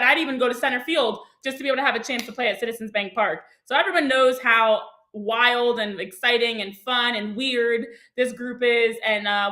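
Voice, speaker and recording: A woman co-hosting a casual sports show, upbeat and quick to laugh. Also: fairly high pitch, pushed and bright, reverberant, rough recording.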